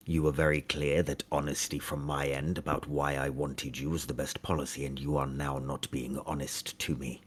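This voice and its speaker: A stern older patron scolds in a very deep, husky voice, as a man puts him on. He is cold and clipped, making each reproach short and weighty. This is a tabletop role-play. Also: heavily acted.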